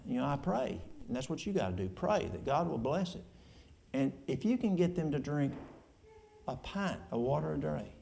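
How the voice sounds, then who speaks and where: Church elder, male, East Tennessee Appalachian accent, folksy and plain-spoken, dark gravelly tone. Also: mid-range voice, a little hiss or hum. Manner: folksy, plain-spoken, drawling with colloquial speech. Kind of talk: answering audience questions in church.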